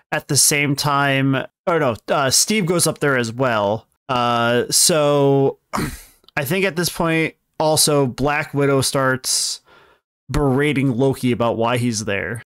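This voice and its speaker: A man's voice: mid-range voice, a bit bright, clear, resonant tone, no echo, studio quality. A young man co-hosting a casual podcast, recapping a story at length in a rambling, self-correcting way. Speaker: podcast co-host explaining films.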